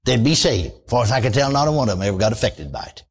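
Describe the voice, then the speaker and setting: Husky, lively preacher man. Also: medium pitch, fast. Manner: folksy, exclamatory preaching with repeated amens. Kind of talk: radio sermon.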